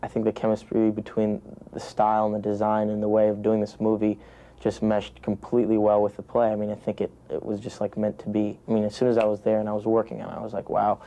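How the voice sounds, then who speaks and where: Flat-voiced young American actor, rambling. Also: male voice, lowish voice, quick pace, lo-fi sound. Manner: rambling, many restarts and "you know" fillers. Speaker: actor being interviewed. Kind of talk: press junket interview.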